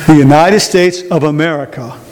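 A man preaching a sermon to a congregation, repeating key phrases and questioning the audience in a slow, emphatic delivery. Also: a little high, a little mellow. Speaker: pastor. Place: church sanctuary. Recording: long hall reverb.

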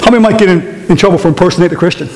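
A man preaching a sermon in a church, telling stories and mimicking other voices in an animated way. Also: high-pitched, rapid-fire, crowd noise. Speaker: pastor. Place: church sanctuary. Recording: reverberant hall with faint hiss.

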